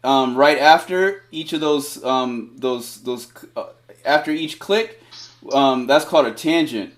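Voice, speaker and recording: Teaching someone DJ scratching on a casual cellphone video call, this man speaks at a measured pace and medium pitch. His eager, encouraging instruction comes out in loose bursts full of fillers.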